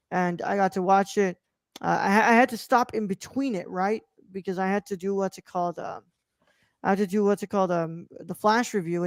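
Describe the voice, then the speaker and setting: A man's voice: sits high, clean tone, no echo, studio quality. A man co-hosting a podcast in casual chat, rambling with lots of fillers like "what's it called". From United States. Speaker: podcast co-host.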